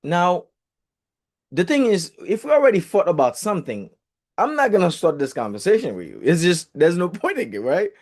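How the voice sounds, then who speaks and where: Man, casual storytelling, rather high voice, very animated pitch, swears, chatty. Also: normal speed. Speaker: real estate group speaker.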